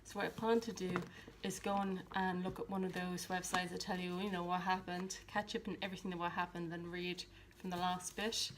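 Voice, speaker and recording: A woman's voice: lowish voice, little pitch movement, fairly quick, few pauses, a little hiss or hum. A woman chatting casually about her books at home by her shelves, talking in a rambling way with many ums and restarts. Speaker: book vlogger. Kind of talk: casual chat.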